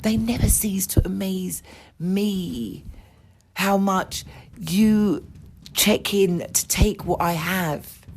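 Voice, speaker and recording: A woman's voice: medium pitch, darkish tone. A woman hosting her own podcast, ranting bluntly and indignantly with plenty of swearing. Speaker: podcast host. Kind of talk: ranting monologue.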